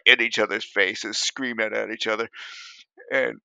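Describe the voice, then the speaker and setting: A man in his fifties, an Army veteran guest, telling war stories in a casual, animated and profane way. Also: fairly low pitch, measured pace, vocal fry, smooth, dry recording. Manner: animated, profane, laughs often. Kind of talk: casual storytelling in an interview. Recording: dry, dull lo-fi sound.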